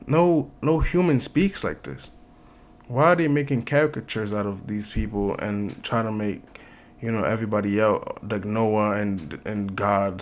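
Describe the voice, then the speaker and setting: Male reaction host, low voice, rapid-fire incredulous questions, casual commentary.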